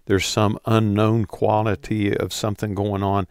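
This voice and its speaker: Gravelly low-voiced man speaking thoughtfully. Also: flat delivery, darkish tone, dry recording. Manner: thoughtful, measured. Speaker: Bible study participant. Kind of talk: Bible study discussion.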